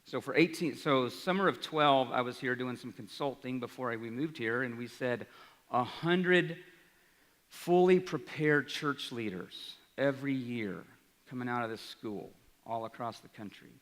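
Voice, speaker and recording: A man's voice: medium pitch, unhurried. Man in his forties speaking in a hall. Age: 40s. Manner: energetic, rhetorical, asks the crowd "right?". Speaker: college president. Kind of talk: speech to an audience. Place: large hall. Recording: reverberant hall, live speech.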